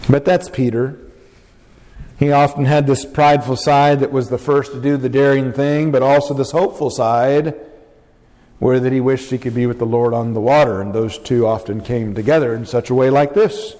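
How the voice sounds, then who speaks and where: A man preaching a sermon, animated and acting out the quotes he reads. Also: normal speed. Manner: animated, acting out quotes with big pitch jumps. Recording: long hall reverb.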